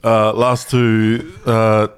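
A man's voice: lowish voice, monotone, very slow, smooth. A man hosting a casual podcast, dryly moving the chat along between segments. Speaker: podcast host.

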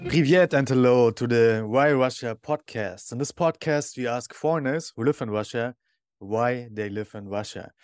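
A man hosting a podcast, asking friendly questions at a measured pace. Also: medium pitch, clear, resonant tone, soft background music. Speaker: podcast host. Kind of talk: interview hosting.

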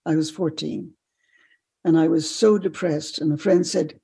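An older woman, a podcast guest, telling animated stories and laughing often. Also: low-pitched, a little slow, creaky. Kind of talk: storytelling in a podcast interview.

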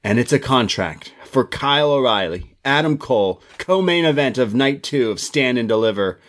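A man co-hosting a casual wrestling review podcast, excitable, swearing and acting out what wrestlers said. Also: medium pitch, moderate pace. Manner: excitable, swears, acts out quotes. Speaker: podcast co-host.

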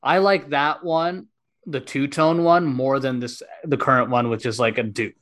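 A man's voice: medium pitch, steady tone, normal speed, fairly bright tone. A man hosting a casual podcast, emphatic and opinionated, repeating his points. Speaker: podcast host. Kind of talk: casual chat.

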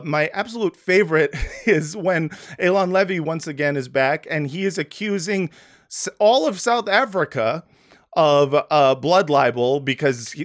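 A man hosts a comedic political podcast in a slightly raised voice. He is sarcastic and loose, padding his points with fillers as he goes. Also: a little high. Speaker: podcast host. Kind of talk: casual comedic podcast chat.

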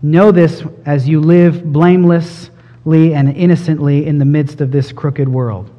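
A man's voice: on the high side, steady tone, a little slow, long reverb tail, highs cut off. A man preaching an expository sermon, earnest and emphatic, building in intensity.

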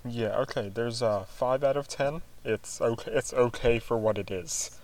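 A man's voice: medium pitch, moderate pace, darkish tone, low-quality recording. Joking man on a casual podcast. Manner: joking, laughs through his sentences. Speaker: podcast guest. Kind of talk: casual chat reviewing a movie.

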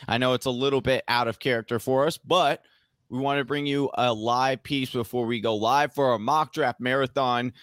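Energetic man co-hosting a podcast, dry close sound. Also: medium pitch, normal speed, no echo. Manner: energetic opener, self-deprecating. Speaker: podcast co-host. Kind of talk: casual fantasy football podcast talk.

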